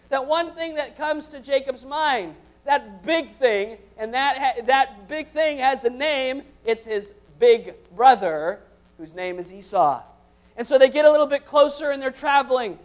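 A man leading a church congregation, reading scripture aloud and then preaching with rising intensity. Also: very high-pitched. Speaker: pastor. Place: church service before a congregation.

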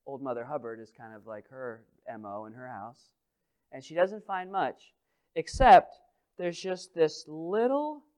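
A male pastor delivers a sermon in a high, smooth and clear voice. He talks to the congregation in a conversational, humorous way. He swings between loud, emphatic phrases and quiet asides.

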